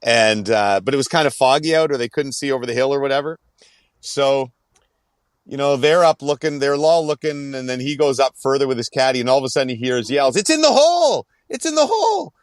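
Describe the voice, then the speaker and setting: Male podcast co-host, mid-pitched, rambling casual storyteller, dry close recording. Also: steady tone, a little fast, dry recording. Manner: rambling storyteller, many fillers. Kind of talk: casual chat.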